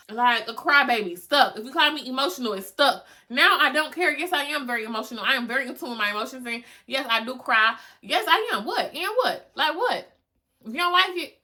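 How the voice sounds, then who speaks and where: A woman's voice: fairly high pitch, pushed and bright. A young adult woman hosting a solo podcast, talking emphatically and with feeling, repeating lines for effect and cursing casually. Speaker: podcast host. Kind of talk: solo motivational podcast talk.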